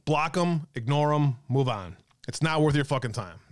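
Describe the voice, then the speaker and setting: A man's voice: a little high, animated, moderate pace, no room sound, clean studio sound. A man hosting an online talk stream, ranting in a profane, exasperated way and reading out viewer comments.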